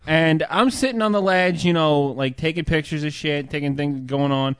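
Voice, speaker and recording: A man in an easygoing podcast chat, spinning halting, rambling anecdotes with lots of likes and restarts. His voice sits at an ordinary pitch and sounds close and dry, with no room echo. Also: fairly bright tone, smooth. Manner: rambling, halting storytelling with frequent fillers and laughs. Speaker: podcast co-host. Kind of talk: casual chat.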